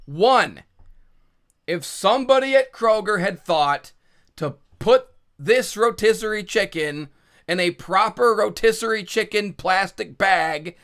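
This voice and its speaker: Man vlogger, very high gravelly voice, profane shouty rant with flustered restarts. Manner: profane, exasperated, frequently shouting; stammering restarts when flustered. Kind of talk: ranting storytime monologue.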